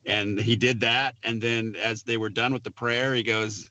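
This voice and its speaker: A man, a film producer, telling a lively behind-the-scenes story in an interview, acting out the quoted lines. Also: mid-range voice, moderate pace, few pauses, no room sound, lo-fi sound. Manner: animated storyteller, acts out quotes with laughs.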